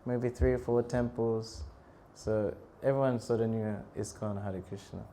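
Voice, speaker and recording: Animated man telling a story. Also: mid-range voice, a little slow, slight background noise. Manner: animated, laughs often, bursts into shouted prayers. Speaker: monk preacher. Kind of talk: storytelling talk. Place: temple talk in Australia.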